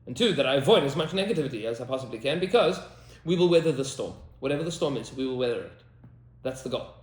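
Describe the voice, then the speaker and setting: A rabbi and teacher speaks emphatically in a podcast discussion, repeating lines for effect and weaving in Hebrew terms. His medium-pitched voice is lively and fast, heard in an echoey room.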